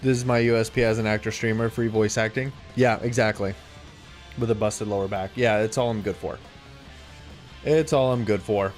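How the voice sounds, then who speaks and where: A man's voice: lowish voice, level tone, brisk, soft background music. A young adult man streaming a game, chatting casually and reacting aloud to what happens on screen. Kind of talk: casual live-stream chat while gaming.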